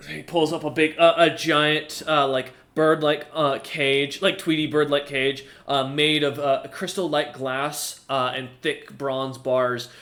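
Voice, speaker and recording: A man's voice: a little high, little pitch movement, slow pace, few pauses, a bit bright. A man narrating as game master of a tabletop game, rambling with many fillers and restarts.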